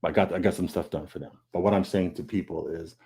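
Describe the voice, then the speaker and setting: A comic artist appearing as a guest on a video call panel speaks earnestly and confessionally, repeating words and quoting his own thoughts. His voice is deep and warm, with fairly even intonation and a quick pace.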